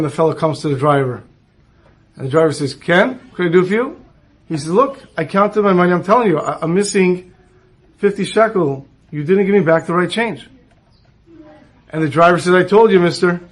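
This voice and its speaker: Man, rabbi, storyteller, high voice, acts out the dialogue. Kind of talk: storytelling talk.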